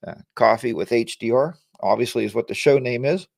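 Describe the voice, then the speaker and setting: A man's voice: mid-range voice, a little fast, creaky, dry recording, clean studio sound. A middle-aged man hosting a casual live motorcycle chat show, rambling and joking as he greets viewers and reads their comments. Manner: rambling and joking, chatty asides.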